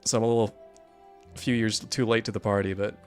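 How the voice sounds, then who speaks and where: Man, lowish voice, wry gameplay commentary, laughs a lot, faint music. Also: little pitch movement, a little fast. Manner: wry, rambling, laughs often. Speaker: gaming YouTuber.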